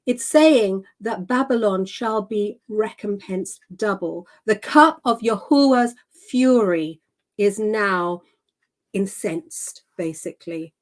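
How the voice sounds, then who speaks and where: A woman's voice: mid-range voice, slow pace. A woman host reading scripture aloud and explaining it, stressing key words and repeating phrases for emphasis. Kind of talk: emphatic scripture teaching on a live show.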